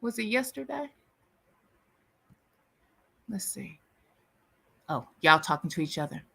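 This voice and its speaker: A woman's voice: mid-range voice, big pitch swings, slow pace, gravelly, pushed and bright, breathy edge. A woman hosting a casual livestream chat, answering viewer comments with sassy, candid banter. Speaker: livestream host.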